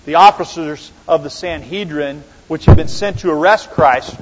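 A man's voice: on the high side, moderate pace, a little hiss or hum. A man preaching a Bible study in a conversational way, asking his listeners rhetorical questions. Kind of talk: sermon-style Bible teaching. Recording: dull lo-fi sound with long hall reverb.

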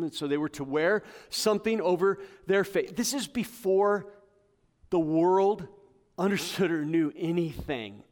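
A man preaching a sermon to his congregation, building to emphatic peaks and dropping to quiet asides. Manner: passionate, rising to emphatic peaks then dropping low. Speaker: pastor. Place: church hall with congregation. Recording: long hall reverb.

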